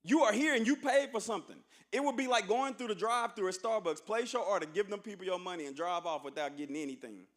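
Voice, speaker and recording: A man's voice: high-pitched, quick pace, hardly any pauses, fairly bright tone. A man giving a rousing, preacher-like motivational speech to new students in a large auditorium. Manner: preacher-like, emphatic, calls for audience response. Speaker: university administrator speaking at orientation.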